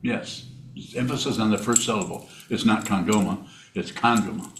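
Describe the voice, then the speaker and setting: A male Buddhist meditation teacher giving a dharma talk with questions, speaking in a halting, plainspoken way and repeating words. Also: on the low side, a little hiss or hum. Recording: roomy hall sound.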